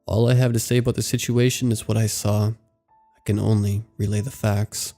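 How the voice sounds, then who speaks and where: A male horror narrator with a low, gravelly voice and a mellow, dark tone. He reads slowly and evenly, with faint music playing beneath the narration. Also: little pitch movement. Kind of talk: scripted horror story narration.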